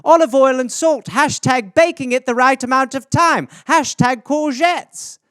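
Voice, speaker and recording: A man voicing a cheerful, chatty mother with a sing-song, drawn-out delivery. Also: extremely high pitch, fairly bright tone, smooth, dry recording, clean studio sound, voice pushed up. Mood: chirpy.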